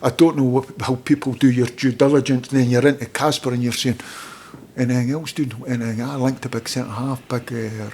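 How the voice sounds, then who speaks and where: A man's voice: medium pitch, flat delivery, a little fast, hardly any pauses, a little mellow, slight background noise. Scottish man telling rambling football stories. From Scotland. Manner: rambling anecdotes, acts out quoted voices. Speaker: guest, former footballer and manager. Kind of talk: casual storytelling interview.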